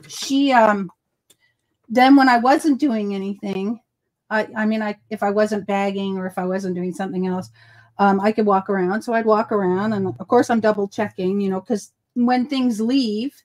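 This is a woman hosting a casual crafting livestream in a Boston accent, her fairly high voice spinning rambling, self-correcting stories.

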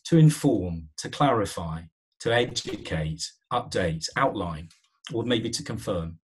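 A man with a low, somewhat husky voice leads an online webinar about presenting. He talks in a relaxed, conversational way, often pausing on "um" and restarting his sentences as he walks through his slides. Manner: conversational, many fillers and restarts.

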